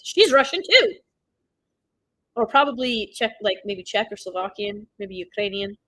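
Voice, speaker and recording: A woman streaming a watch party, blurting excited reactions, swearing, and recapping the plot in loose, rambling sentences. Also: medium pitch, a little slow, low-quality recording. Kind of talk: live watch-party commentary.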